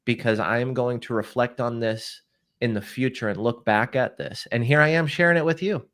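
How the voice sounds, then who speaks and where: A man's voice: mid-range voice, moderate pace, a bit bright. A man co-hosting a live stream, talking earnestly, often repeating words and restarting sentences. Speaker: co-host.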